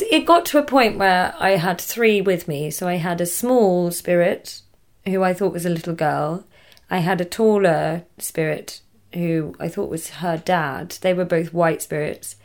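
Young woman, English accent, casual guest chat, laughs often, trails off. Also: on the low side. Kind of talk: casual conversation.

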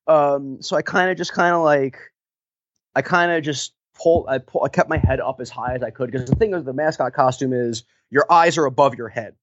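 A man's voice: medium pitch, moderate pace, no room sound. A man working as a sports mascot, telling stories in a casual interview, rambling with lots of fillers and laughs. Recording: dull lo-fi recording.

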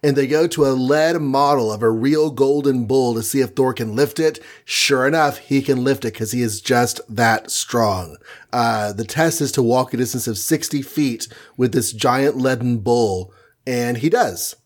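A playful man recapping comics. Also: medium pitch. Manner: playful, retells scenes with quick mock voices. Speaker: podcast co-host recapping comics. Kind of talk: casual chat.

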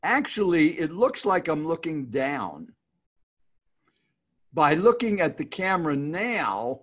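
A man's voice: a little high, big pitch swings, slow pace, a bit bright. A man giving casual, upbeat speaking advice on a video call, repeating his key points as he teaches. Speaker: speaking coach guest.

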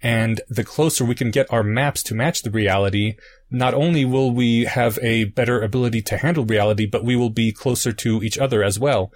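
A man's voice: mid-range voice, a little fast. Man patiently explaining ideas through analogies. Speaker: podcast co-host. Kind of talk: casual explanatory podcast chat.

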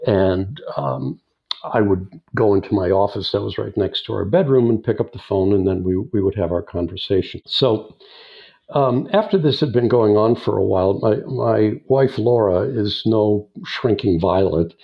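Older male guest, gravelly, unhurried anecdote-teller, dull lo-fi recording. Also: on the low side. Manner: unhurried, chuckling raconteur. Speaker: guest filmmaker and editor. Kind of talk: anecdotal storytelling in an interview. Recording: dull lo-fi sound.

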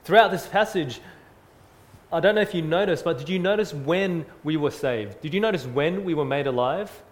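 A man preaching a sermon, earnest and emphatic, repeating phrases and swinging from loud to soft. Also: on the high side, moderate pace. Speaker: pastor.

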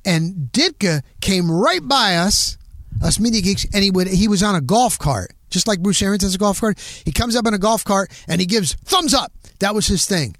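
A middle-aged man hosting a podcast, telling a story in a casual, animated way and punching it up with quick sound words. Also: high voice, no echo, studio quality. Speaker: podcast host.

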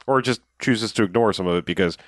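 A man's voice: fairly low pitch, fast talker, no echo, studio quality. A man co-hosting a casual movie recap podcast, retelling scenes wryly and conversationally. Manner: wry, conversational, retells scenes with voiced quotes. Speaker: podcast co-host.

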